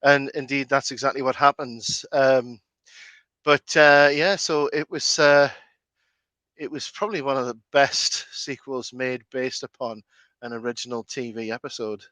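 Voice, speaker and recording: A man's voice: mid-range voice, fairly even intonation, unhurried, pushed and bright, dry recording. A man hosting a casual movie watch-along commentary, chatty and full of film trivia. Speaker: host.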